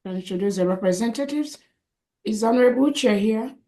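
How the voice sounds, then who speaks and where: A woman's voice: on the high side, normal speed, mellow, low-quality recording. A woman moderating an online meeting, politely calling on speakers to introduce themselves.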